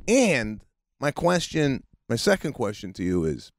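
A man co-hosting a podcast in casual chat, telling stories in an animated way and acting out what people said. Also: medium pitch, measured pace, dry recording. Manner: animated storytelling, acts out quotes, swears. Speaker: podcast co-host.

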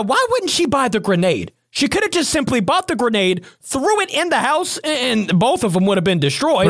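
Excitable gaming reaction host. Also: medium pitch. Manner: excitable, exclaiming at the action. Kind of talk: reaction video commentary.

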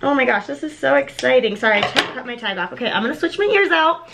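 A young woman recording a casual unboxing vlog, excitable and chatty, with lots of ums and little gasps. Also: sits high, quick pace, vocal fry, background noise. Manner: bubbly and excitable, many ums. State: slightly out of breath. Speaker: vlogger.

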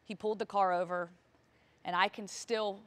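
A woman's voice: medium pitch, fairly even intonation, moderate pace, a bit bright. Woman telling an emotional life story. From Virginia, US. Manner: emotional, vivid storytelling with acted-out dialogue. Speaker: motivational speaker. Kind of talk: personal story told on stage.

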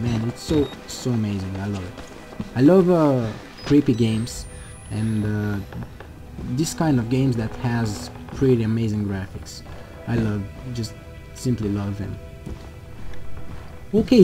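A man narrating his own horror game playthrough in an unhurried, drawn-out way. He gets excitable and jumpy, cursing whenever something startles him. Clear game music plays behind his voice. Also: mid-range voice. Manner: excitable, jumpy, swears at scares. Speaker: gaming channel host. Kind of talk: let's play commentary.

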